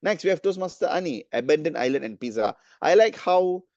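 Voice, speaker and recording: A man's voice: a little high, animated, fairly quick, darkish tone, dry recording, highs cut off. A man evaluating speeches at a club meeting, hesitant, with many fillers and restarts. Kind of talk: giving spoken feedback at a club meeting.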